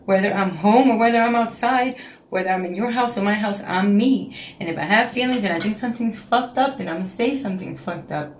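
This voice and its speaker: A woman's voice: mid-range voice, brisk, echoey room, a little hiss or hum. A woman in her late thirties with a New York accent, talking frankly and emotionally in a casual confessional vlog, often repeating her phrases. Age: 30s. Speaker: vlogger. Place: home, indoors.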